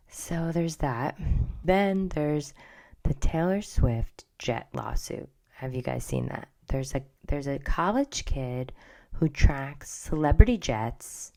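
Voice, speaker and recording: A woman's voice: sits low, expressive, slow pace, vocal fry, dark tone. A middle-aged woman hosting a podcast, chatting casually and gossipily, often dropping into whispered asides. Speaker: podcast host. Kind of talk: casual pop culture chat.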